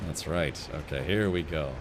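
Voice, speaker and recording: A man's voice: rumbling low, normal speed, noisy background. A man streaming a video game live, chatting casually, laughing often and thanking viewers.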